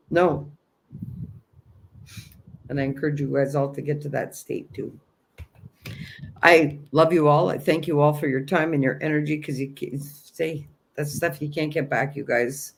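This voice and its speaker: A man's voice: fairly high pitch, measured pace, vocal fry. An earnest man with a slightly raised voice speaks as the host of a spiritual livestream. He gives a motivational self-help talk, encouraging and insistent, repeating his key phrases.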